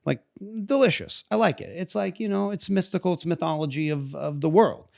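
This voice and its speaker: Musing young man, slightly high voice. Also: fairly quick, gravelly, a little mellow. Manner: musing, hesitant, many fillers and restarts. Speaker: podcast co-host. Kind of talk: casual chat.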